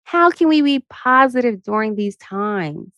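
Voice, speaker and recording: A woman hosting her own podcast, venting candidly about being tired and worn out. She jumps up into high, animated asides when she quotes herself. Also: unhurried, dry recording. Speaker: podcast host. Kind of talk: casual solo podcast rant.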